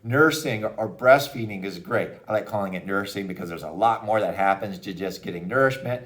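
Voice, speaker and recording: Guy with a lowish voice explaining health stuff to parents, chatty, keeps saying okay and hey. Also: a little fast, a bit bright. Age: adult parent of a young child. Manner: casual and upbeat, with frequent "okay?" and "hey" asides. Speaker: doctor giving health advice to parents. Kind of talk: educational talk to camera.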